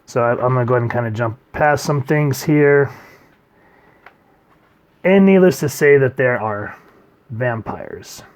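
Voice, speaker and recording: A man reviewing a comic book in casual chat, rambling and trailing off quietly at the ends of his sentences. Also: a little slow, pauses often. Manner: rambling, trails off quietly at line ends, reads quotes in a low murmur.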